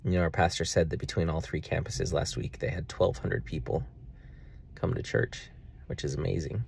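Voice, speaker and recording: A man's voice: low voice, steady tone, moderate pace, gravelly, a little mellow, slightly rough. A young man talking earnestly and at length in a personal video diary about faith and money. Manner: earnest, rambling, faith-filled reflection. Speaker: vlogger.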